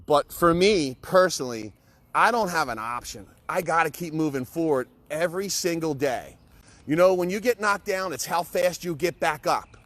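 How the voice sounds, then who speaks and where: A man's voice: fairly high pitch, normal speed, fairly bright tone. A middle-aged man giving an impassioned, blunt pep talk to camera, emphatic, repetitive and peppered with swearing. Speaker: motivational vlogger.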